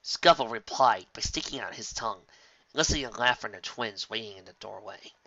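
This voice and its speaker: A man narrating a fan fiction story as an audiobook reader, in steady storytelling. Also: on the low side, fairly quick, no room sound. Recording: dull lo-fi dry recording.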